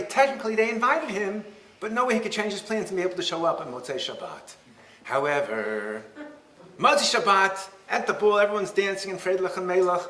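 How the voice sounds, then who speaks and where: A man, a rabbi, giving a lecture and telling stories in an animated, humorous way. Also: high voice, a little hiss or hum. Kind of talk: lecture with storytelling. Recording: roomy hall echo.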